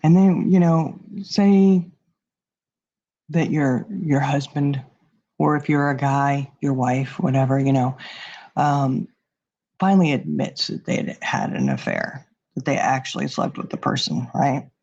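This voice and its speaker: A woman's voice: rumbling low, a little slow, darkish tone. A woman hosting a livestream, chatting casually with viewers and rambling through a hypothetical with lots of fillers. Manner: rambling, many fillers, talks to chat. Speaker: livestream host. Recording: dull lo-fi stream audio.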